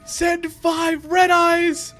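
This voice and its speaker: A young man streaming a card game, giggling and excitedly calling out each play as it happens. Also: very high voice, very slow, faint music behind. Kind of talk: live gameplay commentary.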